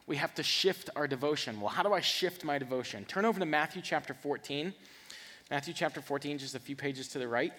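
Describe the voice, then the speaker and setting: A man preaching a sermon, reading scripture and acting out the characters with lively swings and repeated words. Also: on the high side, in a large hall. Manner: animated, acts out scripture voices, repeats words. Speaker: pastor.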